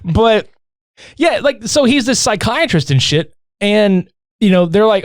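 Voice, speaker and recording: A man hosting a podcast, his voice rising and falling a lot as he tells a story. He is profane and animated, with a slightly high pitch and a dry, close sound. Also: normal speed, no room sound. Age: older adult. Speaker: podcast co-host. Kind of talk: casual chat.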